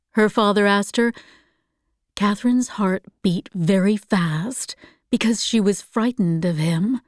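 A woman narrating a novel in a calm, measured audiobook reading. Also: mid-range voice, no room sound, studio quality.

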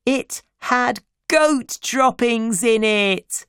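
A man reading a story, voicing an eager cheeky little girl in a very high voice. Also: very slow, a bit bright, clear, resonant tone, dry recording, exaggerated voice. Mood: excited.

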